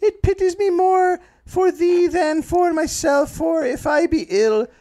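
A man voicing a feverish young colonial woman who believes she is bewitched, in a high falsetto with a put-on Irish accent, slow and drawn out. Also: mellow. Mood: mournful.

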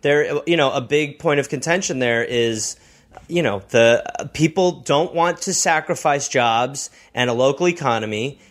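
A man's voice: medium pitch, moderate pace. A man co-hosting a comedy podcast in casual chat, rambling with many restarts and free swearing, on a close mic.

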